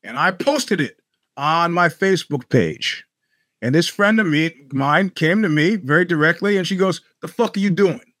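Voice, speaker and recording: Bright-voiced, profane male podcast host. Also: fairly high pitch, lively intonation, normal speed, no echo, studio quality. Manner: profane, rambling, sardonic storytelling. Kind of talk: casual monologue.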